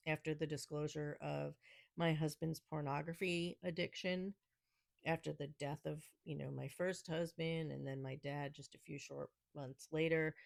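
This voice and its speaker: Woman, New York accent, unhurried delivery, snarky and sarcastic, podcast host, dry close sound. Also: sits low, gravelly, no room sound. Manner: laughs often between remarks. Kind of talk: casual solo podcast talk.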